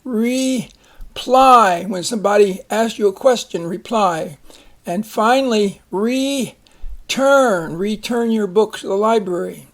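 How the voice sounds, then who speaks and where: A man teaching a phonics lesson, slowly reading words, splitting syllables and giving example sentences. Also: high-pitched, fairly bright tone. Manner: slow, deliberate, repeats each word and splits syllables.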